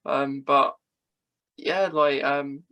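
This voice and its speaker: A man's voice: medium pitch, fairly even intonation, extremely slow, lo-fi sound. A man speaking as a podcast guest in casual chat, hesitant and full of fillers and restarts.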